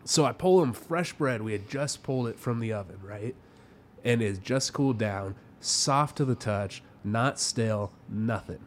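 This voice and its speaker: A young adult man, a podcast co-host, telling a story in casual chat with lively delivery and free swearing. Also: fairly low pitch, a little slow, a little hiss or hum. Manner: animated storytelling, swears freely.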